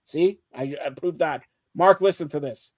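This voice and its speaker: A man's voice: on the high side, moderate pace. A man hosting a casual sports chat show, teasing his co-hosts and talking over them. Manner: teasing, talks over others, animated.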